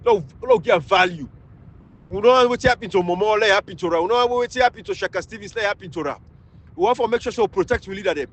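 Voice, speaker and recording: A man from Sierra Leone with a Krio accent, delivering a fiery, scolding political rant that swings between loud outbursts and low mutters. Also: expressive, fast talker, slightly rough, low-quality recording. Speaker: political commentator.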